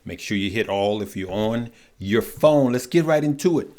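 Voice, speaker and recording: Upbeat man with a low voice hosting a stock show. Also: expressive, normal speed, darkish tone. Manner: upbeat, chatty, laughs at the news; drawling, calls viewers "good people" and "y'all". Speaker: host of a stock market show. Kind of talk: casual market commentary.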